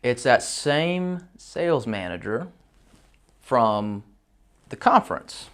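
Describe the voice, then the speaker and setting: A man casually telling a roofing business story, voicing the people in it with a raised pitch. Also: slow, clean tone. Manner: folksy, animated quotes with a raised pitch.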